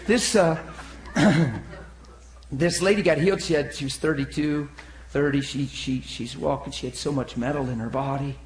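A man preaching a sermon, telling stories and acting out the voices of the people in them, swinging from loud outbursts to hushed tones. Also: fairly high pitch. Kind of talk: sermon storytelling. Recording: echoey room.

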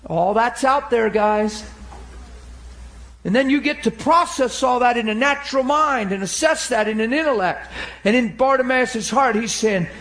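A male preacher delivering an emotional sermon, animated and at times laughing through tears. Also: extremely high pitch, moderate pace.

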